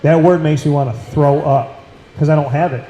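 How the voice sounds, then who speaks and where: A man with a Central New York accent talks earnestly on a casual talk show. His voice sits a little high but sounds dark and mellow. The room around him is echoey. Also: fairly even intonation, a little fast. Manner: earnest, emphatic, repeats phrases for weight. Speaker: podcast host.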